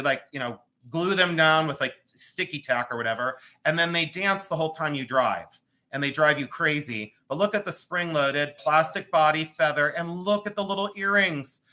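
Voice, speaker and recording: A man hosting a live jewelry and art sale stream, talking in a chatty, excitable way with self-mocking banter from a room at home. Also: fairly high pitch, moderate pace. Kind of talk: live-stream selling chat.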